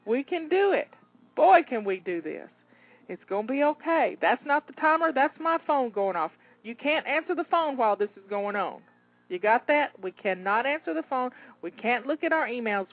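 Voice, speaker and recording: A woman's voice: high-pitched, no room sound. Upbeat woman coaching over tinny audio. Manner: encouraging, coaching step by step. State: slightly out of breath. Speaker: home organizing coach. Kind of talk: live cleaning pep talk.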